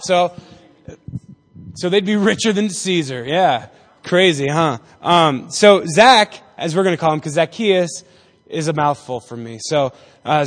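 A man giving a casual, joking Bible lesson to a group, acting out the people in the story as he goes. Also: high-pitched. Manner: chatty and jokey, acting out voices in the story. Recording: reverberant hall.

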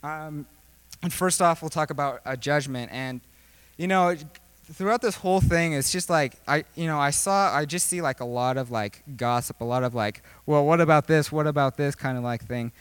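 A man's voice: fairly high pitch, moderate pace, fairly bright tone, clear, resonant tone, no echo. Young guy preaching, chatty and jokey, lots of likes and you knows, dry close sound. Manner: rambling, filler-heavy, jokey. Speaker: youth preacher. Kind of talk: casual sermon.

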